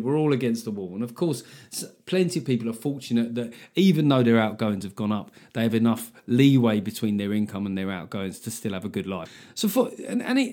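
Animated sweary man ranting. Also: medium pitch. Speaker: podcast host and comedian. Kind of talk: casual solo podcast monologue.

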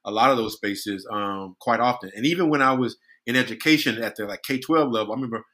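A man's voice: mid-range voice, quick pace, bright, forceful tone. A man on a podcast, reflecting and telling a personal story in casual chat, often restarting his sentences. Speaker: podcast co-host.

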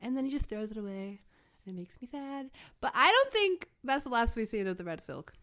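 A young woman co-hosting a podcast in casual chat, chatty and animated, with lots of fillers. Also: fairly high pitch, a little fast. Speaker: podcast co-host.

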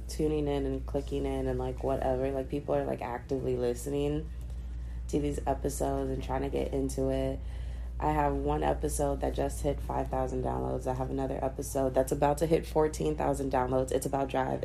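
Creaky-voiced young woman ranting casually. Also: very deep voice, low-quality recording. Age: young adult. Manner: dramatic, swings into loud exasperated ranting; slangy and chatty. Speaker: vlogger and podcaster. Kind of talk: casual venting vlog. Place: indoors, not on a mic.

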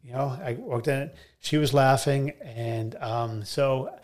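A male comedian as a podcast guest, telling rambling, animated anecdotes full of fillers. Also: mid-range voice, slow. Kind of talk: conversational storytelling.

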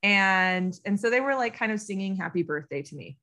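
A woman's voice: medium pitch, lively intonation, fairly quick, pushed and bright. An American woman in her thirties, a podcast guest recounting a story with lots of ums and laughter. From United States. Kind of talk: casual storytelling interview.

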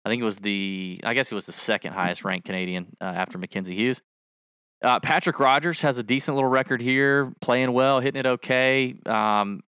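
Casual fantasy sports banter comes from a male co-host whose medium-pitched voice is clear, resonant, and slightly bright. He rambles, jokes, and corrects himself mid-thought, recorded in clean studio sound with no room noise.

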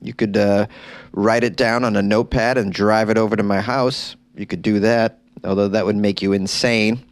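A man's voice: fairly low pitch, steady tone, moderate pace, dry recording. A man hosting a comedy podcast, riffing in a jokey, rambling, self-mocking monologue on a close mic.

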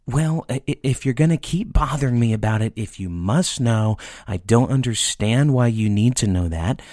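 A man's voice: fairly low pitch, big pitch swings, moderate pace, creaky, slightly rough, no room sound, clean studio sound, heavily acted. A man voicing a tired working father who stammers and snaps in irritation. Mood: exasperated. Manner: exasperated, stammering.

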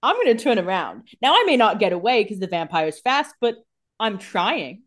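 A woman's voice: medium pitch, sing-song, normal speed, a bit bright. A woman co-hosting a podcast, chatting casually and joking about a TV episode. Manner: laughs often, reacts and jokes about the characters. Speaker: podcast co-host. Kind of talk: casual chat.

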